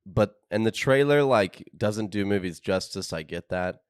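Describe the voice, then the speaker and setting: A man co-hosting a casual podcast chat, telling jokey stories in an animated way. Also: on the low side, normal speed, smooth, no echo, studio quality. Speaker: podcast co-host.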